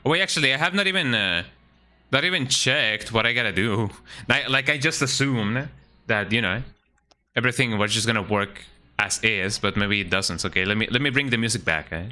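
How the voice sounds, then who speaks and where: A man's voice: fairly low pitch, animated, a little fast, bright, forceful tone. A man streaming a game, chatting casually and muttering to himself as he reads setup steps aloud, often ending lines with "eh?". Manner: chatty, tags sentences with "eh?", mutters while reading instructions aloud. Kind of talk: casual live-stream chat.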